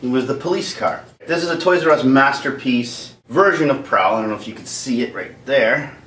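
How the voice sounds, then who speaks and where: A man's voice: mid-range voice, a little fast. A man from Canada telling a comic, rambling childhood story on his vlog. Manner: animated, rambling, jokey. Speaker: vlogger. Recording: roomy echo, distant mic.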